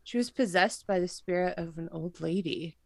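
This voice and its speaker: Animated woman podcast co-host. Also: lowish voice, moderate pace, gravelly, dry recording, studio quality. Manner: animated, laughing, lots of "like". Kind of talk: casual chat.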